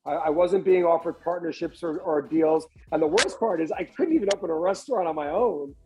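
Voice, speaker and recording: A man's voice: a little high, fairly quick, faint music behind, poor audio. A man, a restaurant entrepreneur telling his story as a podcast guest, often restarting and repeating words. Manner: animated storyteller who acts out other people's lines. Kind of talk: candid storytelling interview.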